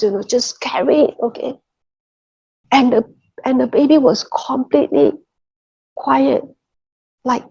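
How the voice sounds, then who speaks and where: A woman's voice: on the high side, darkish tone, breathy edge. Earnest woman giving a faith testimony. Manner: earnest, checks in with listeners, many repeated "okay" and "you know". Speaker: testimony speaker. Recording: muffled lo-fi recording.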